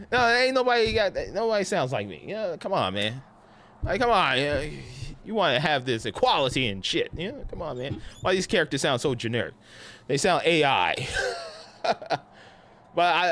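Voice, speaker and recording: A man with a New York accent ranting casually on a game live stream, animated and slangy with lots of restarts. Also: fairly high pitch. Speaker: gaming streamer.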